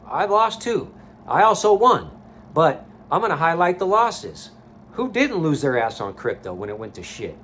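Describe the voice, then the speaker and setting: A man with a somewhat high voice delivers a blunt, heavily profane motivational rant. He talks to camera like a life coach vlogger, recorded in a sauna. A faint ambient hum sits behind him. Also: expressive, fairly quick, fairly bright tone.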